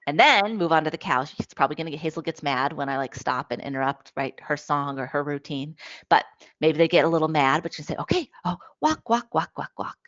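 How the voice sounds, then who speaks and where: A woman with a low voice gives a lively, hands-on talk about play, showing toys as she goes and often checking in with "right?". The audio is dull and lo-fi, with a dry, close sound. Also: quick pace, no echo. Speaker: presenter on play for young children, parent. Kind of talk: webinar talk with toy demonstrations.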